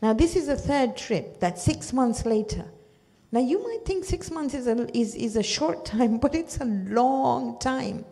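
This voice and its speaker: Low-toned woman with a gravelly edge. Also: animated, measured pace, mellow. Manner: storytelling, often checks in with "okay?". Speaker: Quran study teacher. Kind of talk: explanatory religious lesson.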